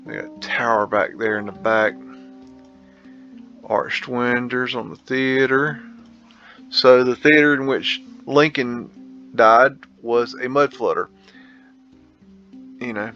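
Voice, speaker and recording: A man's voice: mid-range voice, steady tone, slow, long pauses, bright, forceful tone. A man hosting a casual photo-tour commentary, rambling and musing with slangy asides. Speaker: host. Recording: dull lo-fi sound with faint guitar music.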